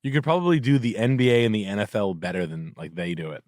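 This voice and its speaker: A man's voice: lowish voice, quick pace, darkish tone, no echo, studio quality. A middle-aged man hosting a podcast, telling a rambling story in a profane, sardonic way. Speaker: podcast host. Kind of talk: casual storytelling chat.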